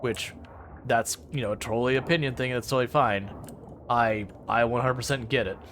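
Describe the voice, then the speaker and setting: A man's voice: medium pitch, fairly even intonation, fairly quick, a bit bright. Guy streaming a game from home, rambly and a bit sarcastic talking to chat, mid voice, little hiss in the back. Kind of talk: casual live-stream chat while playing.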